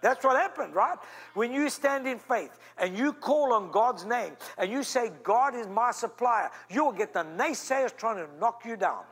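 Animated higher-voiced male pastor. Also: normal speed, few pauses, slightly rough. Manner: emphatic, storytelling, sudden rises and drops. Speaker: senior pastor. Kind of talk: animated sermon.

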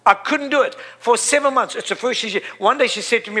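A man preaching a sermon, emphatic, repeating his phrases and building to loud peaks. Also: sits high, quick pace, hardly any pauses.

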